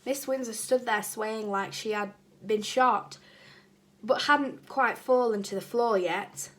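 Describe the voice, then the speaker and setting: Higher-voiced teacher reading a storybook aloud. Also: female voice, takes it slowly, a bit bright. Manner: chatty asides to the children. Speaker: primary school teacher. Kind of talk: reading a children's book aloud.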